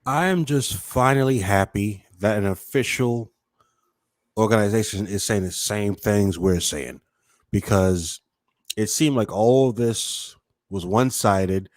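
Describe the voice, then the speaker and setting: A man's voice: fairly low pitch, a little slow, no echo. A man on a casual podcast panel, speaking heatedly and with indignation. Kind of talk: casual chat.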